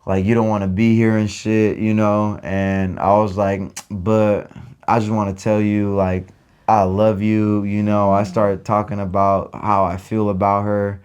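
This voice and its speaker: Young man, animated, profane slangy storytelling, casual podcast chat. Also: fairly low pitch, a little slow, smooth, lo-fi sound. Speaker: podcast co-host.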